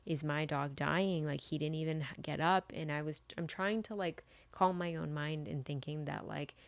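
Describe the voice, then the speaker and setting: A woman's voice: sits low, steady tone, normal speed, no room sound. A young woman hosting a podcast, telling a personal story in a casual, rambling way with many fillers. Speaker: podcast host.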